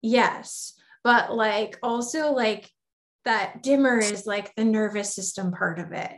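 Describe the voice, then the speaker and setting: A woman's voice: medium pitch, takes it slowly. A woman hosting a casual podcast conversation, enthusiastic and affirming, often laughing.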